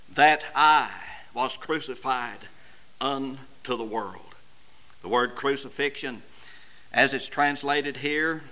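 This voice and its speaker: Emphatic bright-voiced male preacher. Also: low-quality recording. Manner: emphatic, swings from loud declaiming to low intense delivery; addresses the congregation directly. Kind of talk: sermon.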